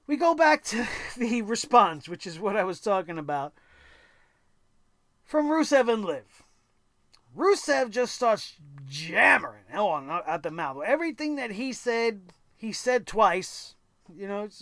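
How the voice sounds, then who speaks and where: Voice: mid-range voice, animated, moderate pace, dry recording. Sarcastic ranting wrestling show host. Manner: sarcastic, exasperated, profane. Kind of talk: ranting wrestling recap commentary.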